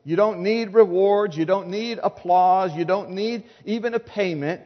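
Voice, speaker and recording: High-voiced man preaching in a reverberant hall. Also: unhurried, lo-fi sound. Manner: earnest, emphatic preaching with rhetorical questions. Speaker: pastor. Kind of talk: sermon.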